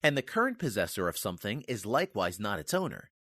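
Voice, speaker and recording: A man giving a formal, measured reading of a nonfiction history text, stressing key words. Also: fairly low pitch, very animated, a bit bright, no room sound, clean studio sound. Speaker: reader of a history book.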